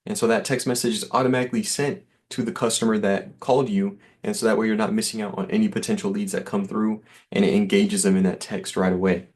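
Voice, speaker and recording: A man's voice: lowish voice, flat delivery, quick pace, hardly any pauses, darkish tone. A man giving an easygoing, reassuring sales demo over a call, with lots of fillers. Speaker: software sales rep.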